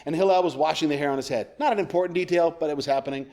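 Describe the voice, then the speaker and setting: A man delivers a sermon as a rabbi, telling an old tale in a relaxed, conversational way and breaking off for jokey asides. His speaking voice sits a little higher than most men's, and he talks to the congregation as if chatting. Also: racing. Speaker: rabbi, guest preacher. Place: church sanctuary.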